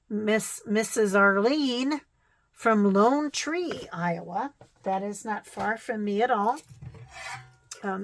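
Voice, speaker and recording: Slow-talking Midwestern woman, chatty. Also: medium pitch, rough recording. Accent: Midwestern American. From American Midwest. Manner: chatty, exclaiming, thinking aloud with many fillers. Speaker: vlogger. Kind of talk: casual show-and-tell of quilting magazines.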